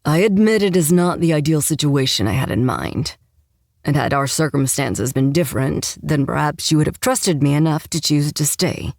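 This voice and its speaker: A woman voicing a commanding, protective male enforcer who speaks in a measured, formal way for an audiobook. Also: low voice, lively intonation, vocal fry, darkish tone, no echo, studio quality. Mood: calm, firm. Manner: measured, formal, unhurried speech. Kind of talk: audiobook narration.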